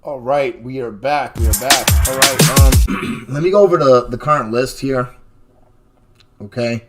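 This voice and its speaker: A man hosting a live trading stream, talking through stock charts in a casual, animated way and often checking in with "okay?" and "right?". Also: medium pitch, measured pace, faint music behind. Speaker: stock chart analyst host.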